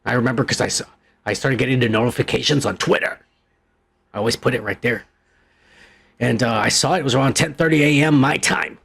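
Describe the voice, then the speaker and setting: A man's voice: mid-range voice, fairly quick, vocal fry, long pauses, fairly bright tone, slightly rough. A man from Texas hosting a podcast, ranting in crude, mocking, profanity-laced commentary. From Texas, USA. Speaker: podcast host.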